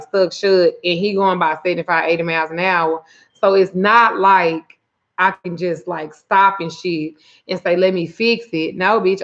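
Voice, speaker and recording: A woman's voice: medium pitch, a bit bright, muffled recording. A woman who does spiritual readings and root work, telling a profane, exasperated story in a casual livestream and greeting viewers by name. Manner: reads viewer names aloud. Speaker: spiritual reader and root worker.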